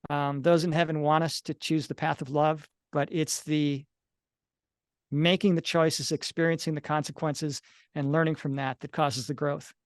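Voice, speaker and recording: Earnest higher-voiced man explaining. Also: level tone, normal speed, dry recording, studio quality. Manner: earnest, explanatory, acts out little quoted dialogues. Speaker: author and near-death experience analyst, guest. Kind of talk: interview answers, reflective explanation.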